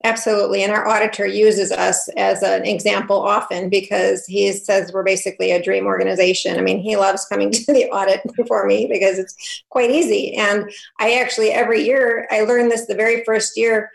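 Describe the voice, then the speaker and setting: A woman's voice: medium pitch, flat delivery, brisk, vocal fry, low-quality recording. An older woman, a grandmother, chatting upbeat and laughing often as a foundation vice president in an interview. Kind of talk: casual interview chat.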